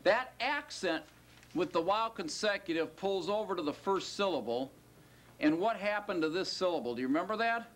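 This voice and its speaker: A man with a high-pitched, expressive voice teaches Hebrew to a class. He lectures and fires questions at his students, stretching out the key words for emphasis.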